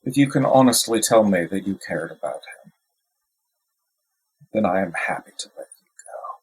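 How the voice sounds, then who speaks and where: A man playing a tabletop game, speaking in character in a slow, solemn, accusing way. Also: deep voice, lively intonation, breathy edge, rough recording. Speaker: player.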